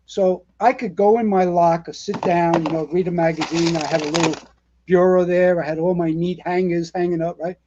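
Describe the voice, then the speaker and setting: High-voiced older New man. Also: a little fast, muffled recording, noisy background. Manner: animated storyteller, rambling with many fillers and restarts. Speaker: retired fire captain guest. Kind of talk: casual storytelling interview.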